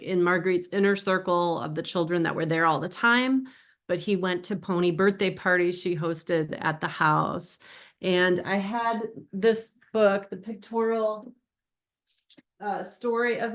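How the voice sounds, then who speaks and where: In a mid-range voice, a middle-aged author talks loosely and chattily about her book before an audience. She wanders off on tangents and gets emotional telling her stories.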